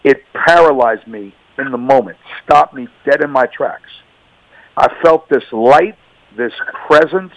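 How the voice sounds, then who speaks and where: A man's voice: mid-range voice, measured pace, vocal fry, no room sound, poor audio. A man giving an earnest, emphatic faith testimony as a radio guest, repeating himself and stammering through restarts.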